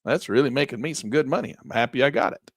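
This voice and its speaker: A man teaching a live trading lesson, walking through charts in a folksy, excitable way while he is losing his voice. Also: mid-range voice, fast, slightly rough, no room sound, studio quality. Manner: lively, folksy, exclaims at good numbers. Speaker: trading instructor.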